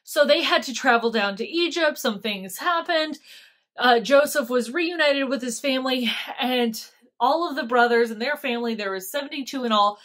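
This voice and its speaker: A woman's voice: sits high, moderate pace. Chatty woman retelling Bible stories. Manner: chatty, animated storytelling with slang. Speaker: Bible teacher. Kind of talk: casual Bible study retelling.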